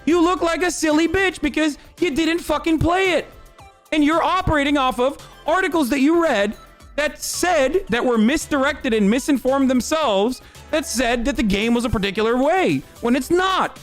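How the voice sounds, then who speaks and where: A young man rants at his livestream chat in a very high, strained voice, swearing constantly and breaking into shouts. Faint music plays behind him. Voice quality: profane, fast, shouting in bursts. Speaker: streamer. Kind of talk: heated livestream rant.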